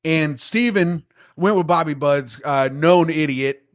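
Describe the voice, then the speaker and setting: A man in his thirties co-hosts a podcast, reading news out loud and breaking off into crude, joking riffs. His voice sits a little high for a man. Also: a little slow. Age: 30s. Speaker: podcast co-host. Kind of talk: casual comedic chat, reading news aloud.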